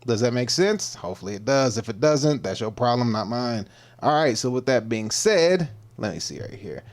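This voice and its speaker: A man's voice: medium pitch, animated, normal speed. A man hosting his own livestream as a fitness coach, talking casually and slangy, often repeating and stumbling over his words, at times in a mock-preacher style. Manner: slangy, laid-back.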